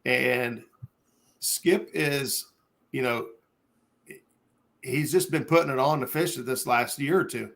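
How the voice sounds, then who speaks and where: Ohio man, gravelly-voiced host, chatty and meandering with fillers. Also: mid-range voice, takes it slowly, long pauses, a bit bright. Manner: rambling, hesitant, lots of fillers. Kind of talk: casual chat on a live stream.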